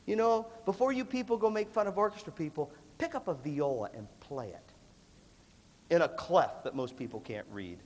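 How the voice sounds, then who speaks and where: A man giving an animated live motivational talk to students, often coughing and acting out voices. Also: a little high, moderate pace. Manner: animated, acts out quoted voices, coughs between phrases. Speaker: motivational leadership speaker. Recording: reverberant hall recording, faint background noise.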